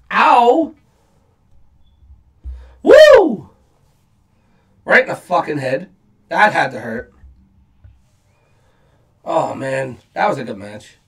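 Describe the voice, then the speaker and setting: A man's voice: medium pitch, a bit bright, recorded from a distance. A man hosting a casual reaction video, talking bluntly and profanely with frequent fillers.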